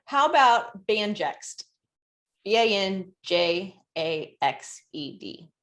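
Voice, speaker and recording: A woman's voice: medium pitch, big pitch swings, takes it slowly, a bit bright. Playful woman podcast co-host. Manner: playful, quizzing her co-host on slang. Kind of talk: casual chat.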